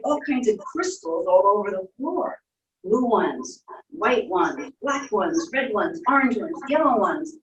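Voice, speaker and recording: Echoey woman telling a guided story. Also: on the high side. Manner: soft storytelling, playful sound effects. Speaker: instructor leading a guided visualization. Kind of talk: guided imagination story for children. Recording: echoey room, distant from mic.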